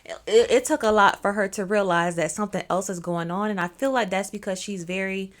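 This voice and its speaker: A woman's voice: mid-range voice, fairly even intonation, a little fast. A young woman telling a story in a casual, chatty way, with slangy asides to her viewers. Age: young adult. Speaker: storyteller host.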